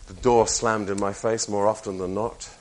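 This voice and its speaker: A man's voice: fairly low pitch, level tone, moderate pace. Wry older man telling his testimony. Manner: wry storytelling with self-mocking humor. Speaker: preacher. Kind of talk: personal testimony talk.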